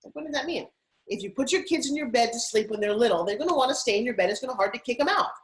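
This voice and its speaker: A middle-aged woman, a TV host and spokesperson, telling animated stories as an interview guest. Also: a little high, rough recording. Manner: animated, rapid anecdotal telling. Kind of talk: casual interview storytelling.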